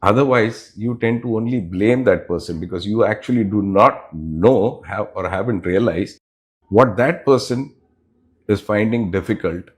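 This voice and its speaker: A middle-aged man, answering interview questions as a business unit head in a measured, explanatory way with pauses between phrases. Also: on the low side.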